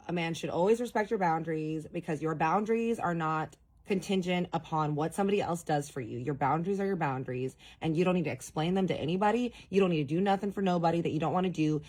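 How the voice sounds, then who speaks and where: Low-voiced woman telling a story. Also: quick pace, hardly any pauses, a little mellow. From Dallas, Texas. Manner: chatty, addresses viewers directly. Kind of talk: casual storytime vlog.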